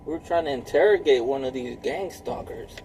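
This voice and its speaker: A man's voice: mid-range voice, animated, brisk, darkish tone, a little hiss or hum, poor audio. A man in his thirties talking in a casual, rambling monologue, full of filler words and swearing. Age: 30s. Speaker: vlogger.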